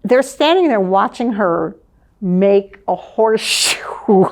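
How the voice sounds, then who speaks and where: Older woman telling a lively story. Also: medium pitch, slow pace. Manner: lively, laughs often, vivid scene-setting. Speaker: former advertising manager, guest. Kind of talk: reminiscing storytelling in conversation.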